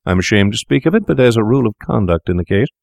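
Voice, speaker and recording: A man voicing a calculating young doctor in a story, talking in a smooth, matter-of-fact, coaxing way. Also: on the low side, animated, quick pace, a little mellow, dry recording, voice pushed up. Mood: smoothly persuasive. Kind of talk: audiobook character voice.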